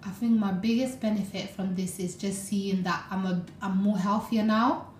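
A woman's voice: medium pitch, fairly even intonation, normal speed, a little mellow, reverberant, slight background noise. A young woman chatting on a podcast, telling stories animatedly with lots of "like" and "you know". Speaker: podcast co-host. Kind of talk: casual podcast chat.

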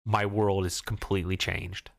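A man's voice: low-pitched, level tone, normal speed, creaky. A man streaming a cooking game solo, giving playful running commentary to his chat and talking himself through the chaos. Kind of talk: live gameplay commentary to chat.

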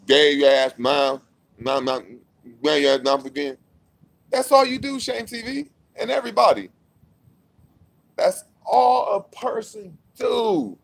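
A young man with a high, gravelly voice rants straight to camera. He is heated and mocking, repeats himself, and swings between loud outbursts and low muttering. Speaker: vlogger. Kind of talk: confrontational rant to camera.

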